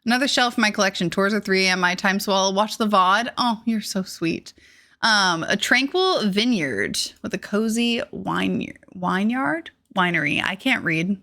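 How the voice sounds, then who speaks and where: A woman's voice: medium pitch, bright, forceful tone. A young woman streaming, chatting casually and gushing as she greets viewers and reads chat aloud.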